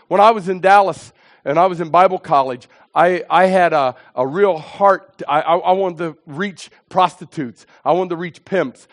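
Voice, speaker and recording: Animated high-voiced male preacher. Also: moderate pace. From southeastern Pennsylvania, US. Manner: animated, dramatic, swings from hushed to shouting. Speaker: evangelist preacher. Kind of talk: sermon testimony storytelling.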